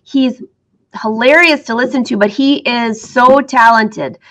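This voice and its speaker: A middle-aged woman with a slightly high voice chats to her viewers about her sewing classes. She is upbeat and laughs easily. She has the hiccups as she talks. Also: measured pace, fairly bright tone. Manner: chatty, upbeat, laughs often. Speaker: sewing teacher and vlogger. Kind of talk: casual chat to viewers.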